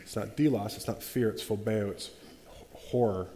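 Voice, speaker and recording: Leading a group Bible study, a man speaks in a mellow, warm voice on the low side that carries a long reverb through the room. His intonation is fairly even and his pace moderate, yet he talks with animation, acts out quotes, and often restarts sentences.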